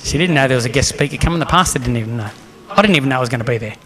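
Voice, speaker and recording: A man's voice: medium pitch, lively intonation, racing, a bit bright. A man preaching a sermon as a guest speaker, telling a story with animation and acting out the lines he quotes.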